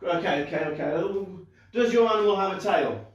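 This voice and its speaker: A man's voice: sits high, brisk, lo-fi sound. A young man doing a live magic show for kids, chatty and upbeat, joking at his own expense with plenty of fillers and restarts. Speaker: children's entertainer and magician. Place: indoor room, live stream. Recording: very echoey room, far from the mic.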